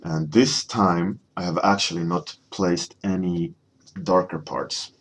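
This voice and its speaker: Slow and low, this man's voice keeps a fairly even intonation while he paints live for viewers. As an artist doing a warmup stream, he rambles through casual talk full of fillers and reads out the chat.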